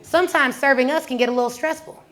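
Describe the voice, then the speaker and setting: A woman hosting a podcast as a business coach, teaching in a casual, animated way with rhetorical questions, slangy asides and stories. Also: high-pitched, fast talker. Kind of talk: casual teaching talk with storytelling.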